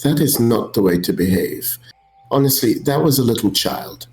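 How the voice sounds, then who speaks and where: A man's voice: medium pitch, animated, normal speed, darkish tone. A man playing a tabletop game, speaking politely and hesitantly, often restarting his sentences. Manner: polite, hesitant, self-interrupting. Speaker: player. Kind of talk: tabletop role-play chat. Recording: echoey room.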